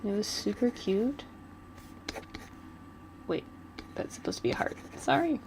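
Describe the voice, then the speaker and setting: A woman's voice: a little high, animated, unhurried, background noise. A woman vlogger chatting casually while she doodles, rambling and giggling like a gushing fan.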